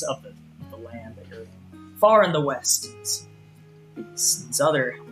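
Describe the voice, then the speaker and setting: A man's voice: mid-range voice, a bit bright, lightly acted, rough recording. A man voicing a small, timid male goblin who whines and stammers as he pleads. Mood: distraught. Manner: whiny, stammering, self-pitying.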